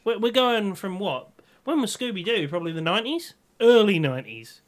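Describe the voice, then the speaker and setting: A man's voice: high-pitched, lively intonation, brisk. A man with a Norfolk English accent, co-hosting a podcast in casual banter, jokey and swearing a lot. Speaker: podcast co-host.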